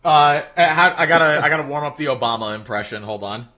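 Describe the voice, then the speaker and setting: Young male streamer, bright tense voice, slightly high, exasperated jokey banter with chat. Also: animated, fairly quick. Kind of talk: casual live stream chat.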